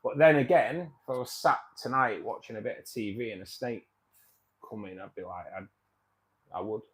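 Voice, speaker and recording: A man's voice: on the low side, moderate pace. A man hosting a casual livestream, chatting with viewers in a rambling way, repeating himself and calling people mate. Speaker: livestream host.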